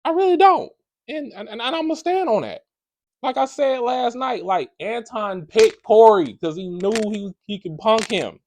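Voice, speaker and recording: A man giving casual reaction commentary, animated and slangy. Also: high voice, a little slow, a little hiss or hum.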